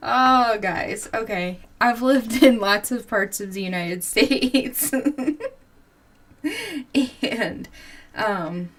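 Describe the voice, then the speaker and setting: A woman in her forties chats unhurriedly as she crafts on a livestream. She giggles often and answers viewers' comments. Her speech is slow and easygoing. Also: mid-range voice, a bit bright. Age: 40s. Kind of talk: casual chat while crafting.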